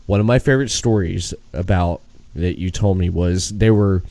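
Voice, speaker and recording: A man's voice: low voice, normal speed, warm tone. A man hosting a podcast, telling rambling anecdotes full of restarts in a casual chat. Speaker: podcast host.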